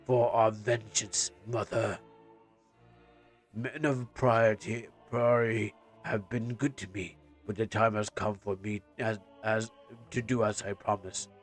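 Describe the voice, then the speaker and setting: A man's voice: lowish voice, flat delivery, unhurried, soft background music. A man reading as a vengeful young nobleman. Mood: brooding. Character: vengeful young nobleman avenging his mother. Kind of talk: reading game dialogue in character.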